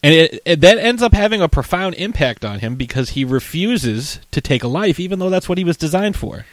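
A man co-hosting a casual chat about a film. He rambles, restarts, and scatters "like" through animated retellings of scenes. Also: on the high side, brisk, no room sound.

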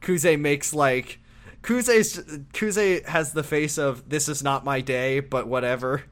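Casual man recapping a game with friends. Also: fairly high pitch. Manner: playful, acts out characters in quick asides. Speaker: co-host recapping a video game. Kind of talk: casual chat.

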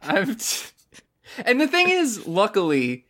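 A man's voice: high voice, wildly swooping pitch, slow, sharp tone. A man co-hosting a podcast, recapping an anime with sardonic, crude, exaggerated mockery. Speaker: podcast co-host. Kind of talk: casual anime recap chat.

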